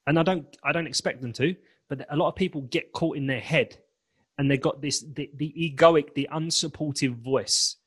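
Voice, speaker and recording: Husky, energetic male coach. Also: a little high, normal speed. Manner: energetic and emphatic, acting out inner dialogue. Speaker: guest, confidence and presentation coach. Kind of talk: animated podcast interview.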